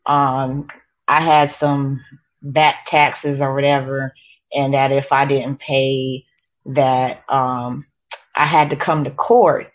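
Lively storytelling woman, lo-fi sound. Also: low voice. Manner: animated storytelling with acted-out quotes and laughter. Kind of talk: casual chat. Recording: dull lo-fi sound.

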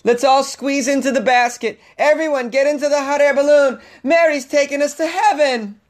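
Guy doing a super high squealing churchgoer, losing it, stretched-out cries. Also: fairly even intonation. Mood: ecstatic. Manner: hysterical, drawn-out squeals. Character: ecstatic shrieking churchgoer at Mass.

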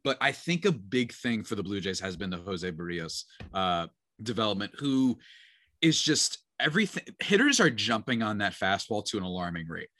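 Excitable guy co-hosting a sports podcast, bright punchy voice, dry close sound. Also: fairly low pitch, moderate pace, no echo. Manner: animated, excitable, laughs easily. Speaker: podcast co-host. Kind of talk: casual sports podcast chat.

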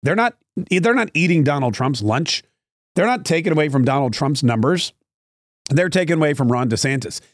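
A man's voice: on the high side, expressive, moderate pace, no room sound, studio quality. A man hosting a political commentary show, delivering an opinionated monologue emphatically, with a lot of repetition.

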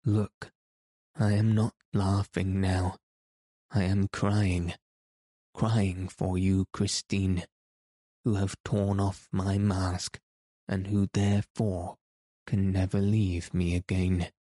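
A man's voice: sits low, flat delivery, slow pace, mellow, dry recording, studio quality. A man voicing a masked phantom, tormented and menacing, with a brooding, pleading manner in an audiobook reading. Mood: anguished.

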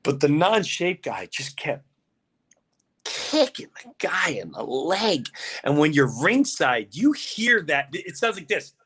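Animated man telling a story. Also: a little high, slow pace, husky. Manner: animated, acts out voices in his stories. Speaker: podcast host. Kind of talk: casual storytelling chat.

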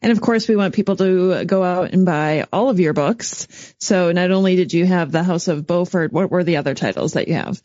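A woman's voice: on the low side, normal speed, hardly any pauses, a little mellow, no echo. A woman hosting a podcast, interviewing a guest and reading the outro, laughing easily. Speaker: podcast host. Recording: slightly dull audio.

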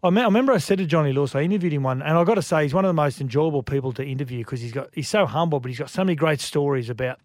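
An Australian man co-hosting a sports radio show, telling stories in a lively way and acting out quotes. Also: fairly high pitch, rapid-fire, hardly any pauses, dry recording, clean studio sound. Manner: lively storyteller, acts out quotes. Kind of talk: casual sports radio chat. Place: radio studio. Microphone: studio microphone.

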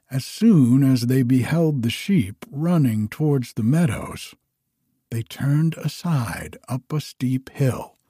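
A man narrating a fairy tale in a slow, measured, expressive storybook reading. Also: mid-range voice, slightly rough, dry recording, clean studio sound.

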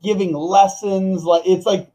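A man's voice: high voice, steady tone, measured pace, mellow, poor audio. A young man chatting enthusiastically as a podcast co-host, loose and full of slang. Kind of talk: casual chat.

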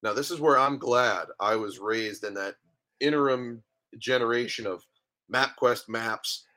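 A man's voice: mid-range voice, measured pace, sharp tone. A man in his thirties, a guest on a podcast, telling a long story casually and acting out the dialogue. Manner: rambling storyteller, acts out dialogue. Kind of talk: casual interview chat.

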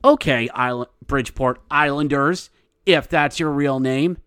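A man's voice: medium pitch, a little slow, smooth, no echo, studio quality. A man hosting a solo hockey podcast, ranting in exasperation and working himself up as he goes. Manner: exasperated ranting, getting louder and riled up. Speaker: podcast host. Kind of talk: solo sports podcast rant.

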